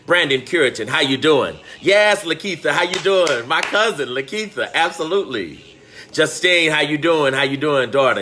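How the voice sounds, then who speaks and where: A man's voice: a little high, animated, normal speed, pushed and bright. A man teaching on a live stream, greeting viewers by name and calling out with fervent emotion. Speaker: teacher hosting a live online talk. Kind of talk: impassioned livestream teaching.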